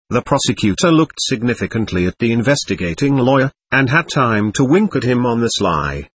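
A man narrating an audiobook with a steady, literary delivery. His voice is husky with a lively pitch, recorded close and dry. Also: normal speed, few pauses, no echo.

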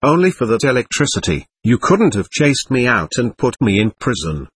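Man voicing a stubborn angry male spirit, husky, spiky up-and-down delivery, read from a séance transcript. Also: medium pitch, very animated, normal speed. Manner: defiant, threatening, scornful. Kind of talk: reading a séance transcript aloud.

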